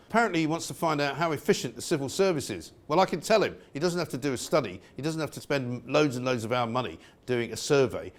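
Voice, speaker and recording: A middle-aged male presenter from England giving an outspoken, sarcastic opinion monologue. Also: mid-range voice.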